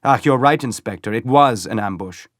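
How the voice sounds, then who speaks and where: A man voicing crude, boastful stormtroopers in an audiobook, loud and blustering. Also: medium pitch, normal speed, dry recording, studio quality, pitched above the performer's own voice, natural voice.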